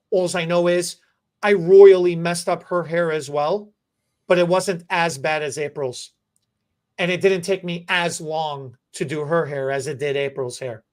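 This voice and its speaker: A man in his forties, a hairstylist hosting a podcast, telling a story in a halting, emotional way with many restarts. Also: a little high. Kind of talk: casual storytelling.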